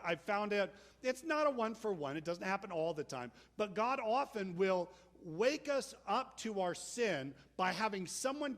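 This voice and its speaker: A man delivers a sermon in a casual, conversational way, often acting out the people in his stories. His voice sits fairly high for a man. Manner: conversational, animated storytelling with acted-out quotes. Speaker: pastor.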